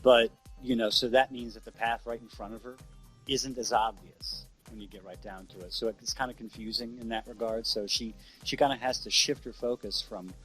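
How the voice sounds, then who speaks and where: A man's voice: mid-range voice, steady tone, normal speed, fairly bright tone, soft background music. A man co-hosting an anime review, talking casually and thoughtfully in a conversational way. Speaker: co-host of an anime review show.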